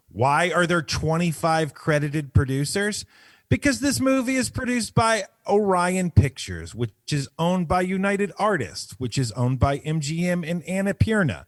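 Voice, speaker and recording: A man's voice: a little high, dry recording. A man co-hosting a movie podcast, chatting casually and reading a prepared bit in a mock-formal tone on a close mic. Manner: mock-formal delivery when reading his segment. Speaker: podcast co-host.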